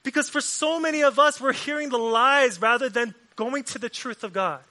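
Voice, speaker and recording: A man preaching a sermon, repeating lines for emphasis and swinging from forceful delivery to hushed, near-whispered passages. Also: very high-pitched, moderate pace.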